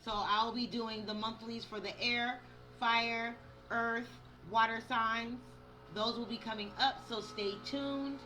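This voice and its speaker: Speaking slowly in a fairly high, fairly even voice, this tarot reader and spiritual coach sounds bright and forceful. Her monthly reading is casual and chatty; she addresses viewers as y'all and reads card texts aloud. The recording is low quality, with faint outdoor yard noise.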